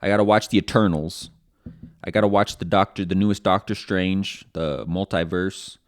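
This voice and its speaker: A man's voice: low voice, steady tone, normal speed, no room sound, clean studio sound. A man co-hosting a podcast in casual chat, rambling and swearing, with lots of fillers and restarts. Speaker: podcast co-host.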